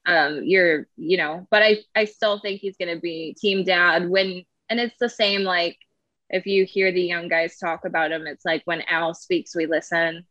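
A woman's voice: fairly low pitch, moderate pace, a bit bright, dry recording, dull audio. A woman guest on a podcast, chatting casually and hesitantly with many fillers. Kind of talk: casual interview chat.

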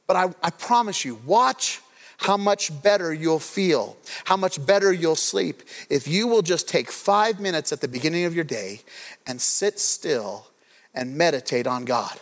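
A man's voice: on the high side, animated, unhurried. A man preaching a sermon as pastor. He talks in a conversational, playful way and acts out prayers as asides. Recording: long hall reverb.

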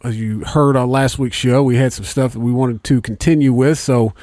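A man's voice: medium pitch, steady tone, moderate pace, mellow, no room sound. A man with an Indiana accent hosting a podcast in a studio, chatting loosely and swearing freely. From Indianapolis area, USA. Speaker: podcast host. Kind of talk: casual chat.

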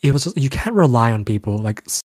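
A man's voice: medium pitch, quick pace, no room sound. Chatty young man telling stories. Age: young adult. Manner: animated storytelling, frequent fillers. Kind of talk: casual chat.

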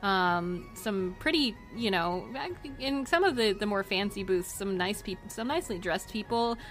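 A woman's voice: medium pitch, measured pace, faint music behind. Rambling woman game master. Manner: rambling, many fillers and restarts. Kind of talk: narrating a tabletop game.

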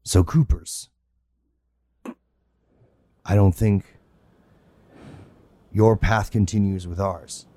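A man voicing a grim male survivor who speaks in a low, measured, pleading way in a tabletop game. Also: steady tone, mellow, no room sound.

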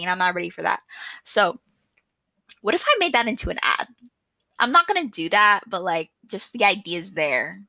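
A young woman hosting her own podcast alone, chatting loudly and excitably and often poking fun at herself. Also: medium pitch, dry recording. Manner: chatty, loud and excitable, self-mocking. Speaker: podcast host. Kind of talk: casual solo podcast chat. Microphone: podcast microphone.

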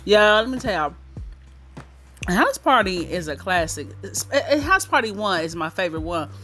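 A woman's voice: mid-range voice, expressive, normal speed, a bit bright, faint music behind. A woman in her thirties hosting her own podcast in casual chat, candid and talkative, cursing freely and laughing easily. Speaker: podcast host.

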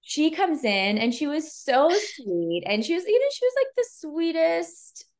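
A woman's voice: high-pitched, very animated, measured pace, a little mellow. A woman photographer chatting as a podcast guest. She tells stories casually, with lots of fillers, and slips into the voices of the people she describes. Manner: chatty, filler-heavy, retells scenes with quoted dialogue. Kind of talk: casual storytelling chat.

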